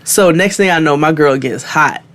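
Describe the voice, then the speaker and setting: A podcast co-host spinning a wild story, cussing freely and jumping into the voices of everyone involved. His voice sits a little higher than most men's, and he talks with real energy. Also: normal speed. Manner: animated, profane, acts out quotes. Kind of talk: casual storytelling.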